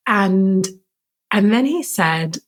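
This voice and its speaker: A woman's voice: mid-range voice, animated, very slow. A woman guest on a podcast, speaking casually and frankly about her own experiences, with many fillers of "like". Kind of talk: candid personal storytelling in conversation.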